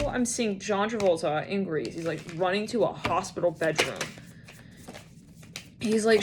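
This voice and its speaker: A woman's voice: medium pitch, lively intonation, moderate pace, a little hiss or hum. Rambling woman giving a tarot reading. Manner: rambling, acts out imagined scenes in quoted voices. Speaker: tarot reader. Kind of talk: casual tarot reading monologue.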